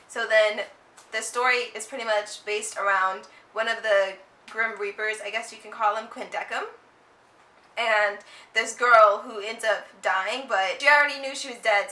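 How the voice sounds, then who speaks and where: A young woman co-hosting a casual chat, retelling a story in a relaxed way with giggles and fillers. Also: mid-range voice. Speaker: co-host. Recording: echoey room.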